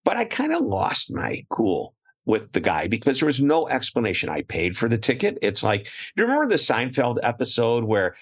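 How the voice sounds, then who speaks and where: A man's voice: mid-range voice, wildly swooping pitch, moderate pace, creaky, hardly any pauses. A middle-aged man telling anecdotes in a casual chat, his voice rising and falling a lot. He laughs often as he talks. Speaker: guest speaker.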